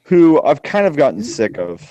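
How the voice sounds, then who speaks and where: A man's voice: mid-range voice, big pitch swings, moderate pace, warm tone, no room sound. A man on a casual online podcast call, telling a joke story and teasing his co-hosts crudely. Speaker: podcast co-host. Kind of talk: casual group call chat.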